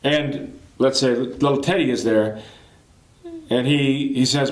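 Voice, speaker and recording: A man gives a catechism lesson, making his points through everyday family anecdotes. His voice sits in a middle register and has a relaxed, chatty manner. The recording has a noticeable roomy echo. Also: medium pitch, takes it slowly. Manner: conversational, explains with homely hypothetical examples. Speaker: catechism teacher.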